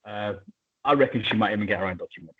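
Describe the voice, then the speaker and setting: A man co-hosting a podcast in casual chat, chatty and animated, with quick asides and a husky voice. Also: on the low side. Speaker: podcast co-host. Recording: tinny phone-like line.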